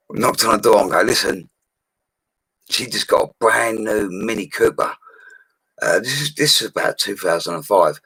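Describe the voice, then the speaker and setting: On a casual storytelling livestream, a forty-something London bricklayer recounts his work bluntly and chattily, with slang and light swearing. His low-pitched voice is creaky, pushed and bright with a breathy edge, recorded at low quality without room sound.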